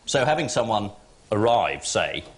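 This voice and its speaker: A man, a panel-show captain, giving satirical commentary in a wry, measured way. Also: on the low side, very animated. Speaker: team captain.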